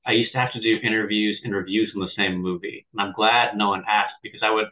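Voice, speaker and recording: A man hosts a podcast in a loose, upbeat, joking way. His voice sits low. The sound is narrow and tinny, as if through a phone call. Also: fast talker. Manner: relaxed, enthusiastic and joking. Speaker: podcast host. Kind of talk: casual podcast chat.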